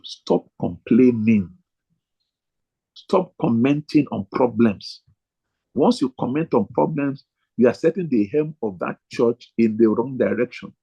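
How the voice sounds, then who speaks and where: A man's voice: medium pitch, a little mellow, husky, dull audio. A man, a pastor teaching other pastors in a sermon style, emphatic and repeating his key phrases.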